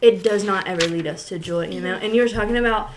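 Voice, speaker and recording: A woman's voice: medium pitch, fast, slight background noise. A young woman hosting a podcast in casual chat, giggly and easily losing her thread. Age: young adult. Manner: giggly, loses her train of thought. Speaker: podcast host.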